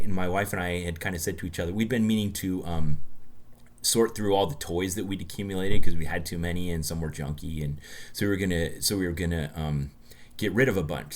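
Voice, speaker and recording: A man from the United States in his thirties, co-hosting a casual podcast and telling stories in a chatty way, with many restarts. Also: low-pitched. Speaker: podcast co-host. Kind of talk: casual chat.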